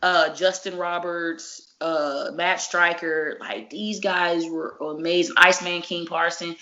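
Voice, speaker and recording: Speaking slowly with few pauses, a woman wrestler with a fairly low voice shares stories in a casual interview, using lots of slang and profanity and staying animated. A dull, lo-fi recording softens the edges of her speech.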